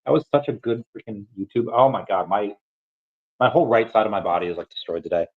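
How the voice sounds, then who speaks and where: A man's voice: on the low side, animated, fast talker, husky, narrow, tinny audio. A young man hosting a casual livestream, reading chat aloud in a rambling, playful way and often stumbling over repeated words.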